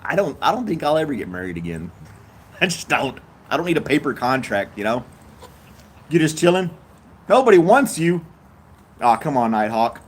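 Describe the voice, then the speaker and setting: An older Southern-accented man from Tennessee, USA hosts a casual live stream, chatting in an easygoing way and reading viewer comments aloud with frequent chuckles. His mid-range voice has big pitch swings and a breathy edge, at a moderate pace.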